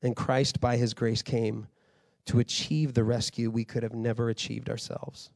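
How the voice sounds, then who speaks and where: A man's voice: medium pitch, flat delivery, normal speed, gravelly, darkish tone, dry recording, clean studio sound. A man in his thirties preaching a sermon in a conversational way, rising to fired-up emphasis. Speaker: pastor.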